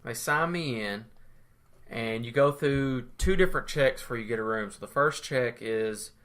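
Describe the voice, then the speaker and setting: A man's voice: medium pitch, normal speed, a bit bright. A man co-hosting a podcast, telling a story in laid-back chat and laughing along. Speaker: podcast co-host.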